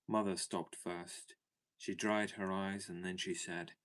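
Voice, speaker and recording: A man reads a classic children's story aloud with measured, clear storytelling. His voice sits very low and steady. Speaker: audiobook narrator. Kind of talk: scripted storybook narration.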